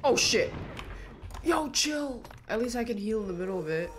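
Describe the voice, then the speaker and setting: A woman's voice: fairly high pitch, moderate pace, background noise. A woman streamer giving live gameplay commentary, yelping and swearing as the game goes on. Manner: excitable, yelps and swears at the game. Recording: game music under the voice.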